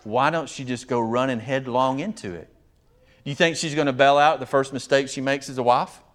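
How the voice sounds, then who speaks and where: A man preaching a sermon, animated, often acting out quoted voices of others. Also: mid-range voice, moderate pace. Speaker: pastor.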